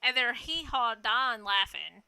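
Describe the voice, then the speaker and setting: A woman telling a story casually, animated and laughing, swearing freely. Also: fairly high pitch, unhurried, clear, resonant tone, dry recording.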